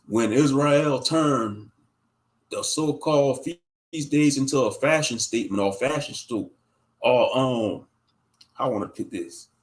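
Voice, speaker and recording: A man in his thirties giving a profane, mocking, rambling commentary on a livestream. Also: medium pitch. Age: 30s.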